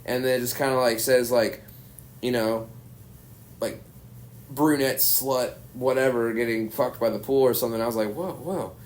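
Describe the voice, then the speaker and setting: A man's voice: mid-range voice, little pitch movement, normal speed, long pauses. A young man from Arkansas, a comedian telling a story as a podcast guest, rambling and swearing, saying "dude" constantly. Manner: rambling, profane, says "dude" a lot. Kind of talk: casual chat, storytelling.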